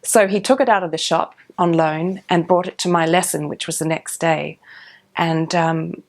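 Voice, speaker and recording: A middle-aged woman tells her story in a relaxed interview. Her voice sits on the lower side, and she talks with many ums and small restarts. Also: moderate pace. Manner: warm, animated, with frequent ums and restarts. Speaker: professional orchestral cellist.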